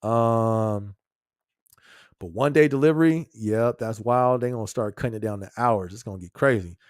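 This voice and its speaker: A man with a lowish, slightly mellow voice hosts a casual live-stream podcast at normal speed, recorded in studio quality with no room sound. He talks in a loose, slangy way, chuckling often as he answers viewers' comments.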